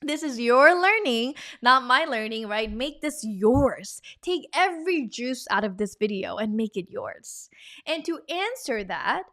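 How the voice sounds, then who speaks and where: Lively bright-voiced woman teaching a lesson. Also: a little high, a little slow. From Korea. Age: 30s. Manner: energetic and chatty, drilling phrases for repetition. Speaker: language teacher.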